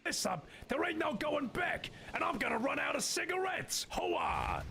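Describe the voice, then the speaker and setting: Man putting on a loud squeaky chain-smoking game fairy, gravelly, gruff and shouty. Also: big pitch swings, moderate pace, a little hiss or hum, heavily acted. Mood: gruff shouting. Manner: shouted, high put-on voice.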